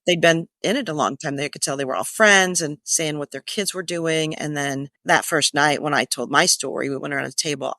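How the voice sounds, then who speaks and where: A woman's voice: deep voice, no room sound, studio quality. A woman in her fifties, a podcast guest telling a personal story candidly and acting out remembered dialogue. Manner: candid, acts out remembered dialogue with lively shifts.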